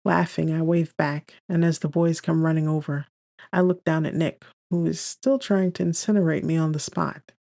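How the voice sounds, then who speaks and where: A woman's voice: sits low, steady tone, moderate pace, creaky, mellow, no room sound, clean studio sound. Woman narrating a romance audiobook. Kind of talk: scripted first-person romance narration.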